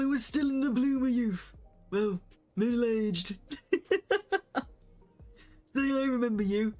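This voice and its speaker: A woman's voice: fairly high pitch, a little mellow, close to an everyday voice. A woman voicing a chatty, blunt older man in a folksy, chummy way, with faint music behind her.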